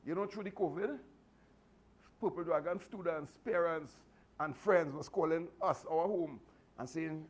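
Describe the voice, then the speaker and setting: A man's voice: fairly high pitch, unhurried. A man, a martial arts instructor giving a motivational speech to his students, earnest and repetitive with many restarts. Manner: fatherly advice giving.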